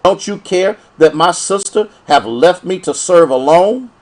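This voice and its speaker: A man's voice: sits high, animated, a little slow. A man voicing an overworked, exasperated woman who pleads and complains with rising indignation. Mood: indignant.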